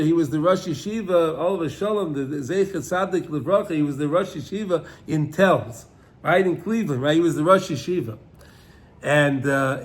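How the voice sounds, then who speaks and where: A man teaching a Torah class on the weekly portion in a conversational way, often repeating himself and asking "right?", with Hebrew and Yiddish terms mixed in. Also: fairly high pitch.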